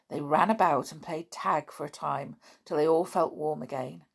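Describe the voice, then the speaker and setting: A woman reading a children's story aloud, gentle and expressive. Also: normal speed, gravelly, hardly any pauses, slightly rough. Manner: gentle, expressive, raises pitch for children's voices.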